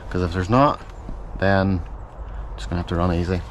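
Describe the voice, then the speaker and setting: A running vlogger, a man with a deep voice speaking at normal speed, films himself casually outdoors in a park before a run, rambling and correcting himself as he thinks aloud. He's out of breath while running, and the handheld camera mic picks up a little hiss or hum.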